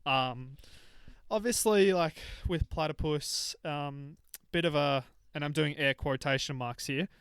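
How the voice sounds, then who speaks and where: A young man co-hosting a podcast, telling stories in a casual, animated way. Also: fairly high pitch, measured pace, smooth, no echo. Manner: animated storytelling. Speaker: podcast co-host. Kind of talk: casual chat.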